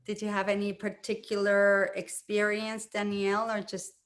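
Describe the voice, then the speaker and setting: A woman leading a meditation group, speaking in a slow, soothing and affirming way as she responds to participants. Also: medium pitch, monotone. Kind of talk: gentle guided group sharing.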